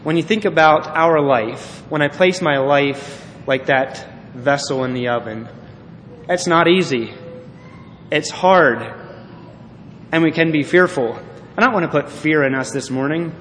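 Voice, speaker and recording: A man's voice: a little high, a bit bright. A male pastor preaching a sermon, earnest and reading a story aloud with feeling. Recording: echoey hall, faint noise.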